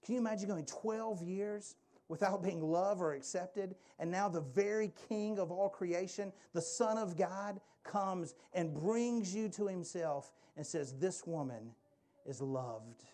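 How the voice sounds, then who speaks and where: A man preaching a sermon, swinging between lively emphasis and quiet, slow intensity. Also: sits high. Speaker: pastor. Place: church or meeting room with a live audience.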